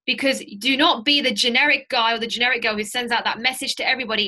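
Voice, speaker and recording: A woman giving a sales training to a group, animated and direct, teaching through stories. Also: fairly high pitch, quick pace. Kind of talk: lively training talk to a group.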